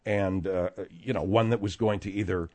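Warm and low, with fairly even intonation at normal speed, this man's voice belongs to a talk radio host. He rambles, restarting often and drifting into asides amid plenty of fillers.

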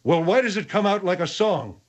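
A man's voice: high-pitched, big pitch swings, highs cut off, slight background noise, pitched above the performer's own voice. A man voicing a hot-tempered, blustering man called the General. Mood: angry. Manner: blustering, quick to anger.

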